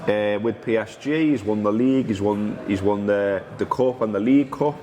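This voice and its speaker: A man's voice: on the low side, normal speed, dark tone, big-room sound, slight background noise. Joking man hosting a football show. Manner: jokey, teasing, stumbling over names. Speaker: podcast host. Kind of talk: casual chat.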